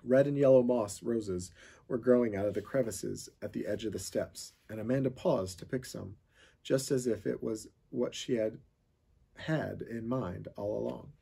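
A man reading a children's chapter book aloud, with steady storytelling narration. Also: medium pitch, moderate pace, creaky, husky. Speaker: reader of a children's novel.

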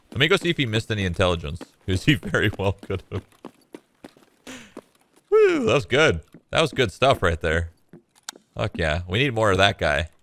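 A man's voice: lowish voice, fairly bright tone, slight background noise. A man streaming a shooter game, chatting casually to viewers with a laid-back, joking manner and frequent swearing. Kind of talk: casual gameplay commentary.

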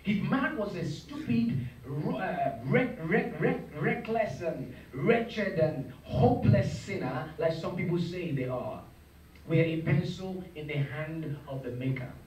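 A man's voice: on the high side, animated, a little slow, a little mellow, slight background noise. A man preaching a sermon in a church, emphatic and calling on the congregation to repeat his words. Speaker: pastor. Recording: echoey hall, voice from far off, crowd.

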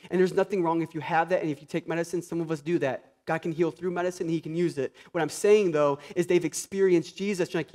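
A man preaching a conversational sermon, animated and sarcastic at times, moving from quiet asides to loud, passionate peaks. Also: fairly high pitch, quick pace, hardly any pauses. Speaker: pastor.

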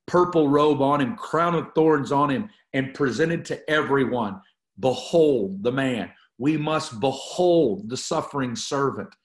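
A man's voice: medium pitch, reverberant. A man teaching a Bible study, reading scripture aloud and preaching on it with repeated phrases for emphasis. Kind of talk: teaching sermon.

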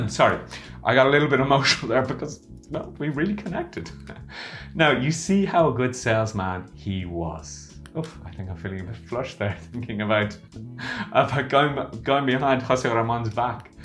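A man coaching about business who talks casually to camera and acts out his stories with theatrical flair. His pitch swings widely as he talks. Soft music plays in the background. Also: normal speed. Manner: animated, theatrical storytelling. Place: lives in Barcelona.

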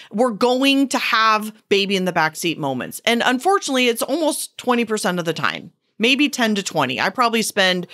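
A young woman speaks as a podcast host and former therapist in a casual, conversational way. Her delivery is emphatic and animated, jumping up for punchy bursts and slowing into soft, deliberate stresses. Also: medium pitch. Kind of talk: casual solo podcast talk.

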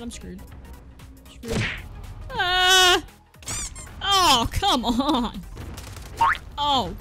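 High-pitched woman, excitable gameplay commentator, over loud game music. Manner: excitable, exclaiming and talking to enemies. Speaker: gaming video creator. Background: game gunfire and music.

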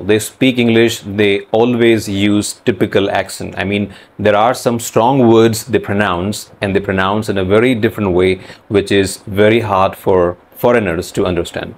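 A man hosting an English pronunciation lesson, explaining sounds slowly and repeating phrases to demonstrate them. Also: lowish voice.

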